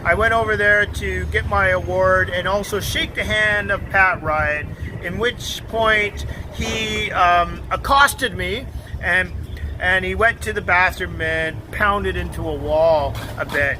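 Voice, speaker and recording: A man being interviewed, telling an animated and mocking story with lots of emphasis. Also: high-pitched, a little slow, background noise.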